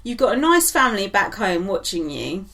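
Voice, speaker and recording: A woman's voice: mid-range voice, very animated, moderate pace, fairly bright tone. A woman co-hosting a casual gossip chat, blunt and opinionated, laughing often. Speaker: podcast co-host.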